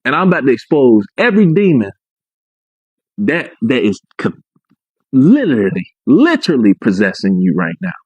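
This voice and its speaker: A man's voice: mid-range voice, huge pitch swings, normal speed, a little mellow, slightly rough, no echo. A man telling his own story emphatically, repeating his points and checking in with "right?". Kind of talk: emphatic personal account. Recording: dry, muffled lo-fi audio.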